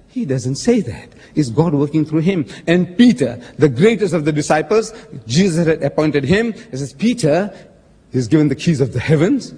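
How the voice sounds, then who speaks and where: Speaking at normal speed in a slightly high, sing-song, warm and slightly rough voice, a man argues in a public religious debate. He's emphatic and pointed, calling his opponent sir and quoting scripture with dramatic stress, recorded in an echoey hall with long reverb.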